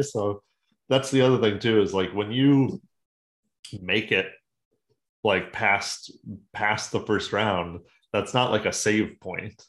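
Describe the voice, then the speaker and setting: Low-voiced man in casual hockey banter. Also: unhurried, echoey room. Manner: profane, jokey, acts out quotes. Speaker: podcast co-host. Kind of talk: casual sports chat.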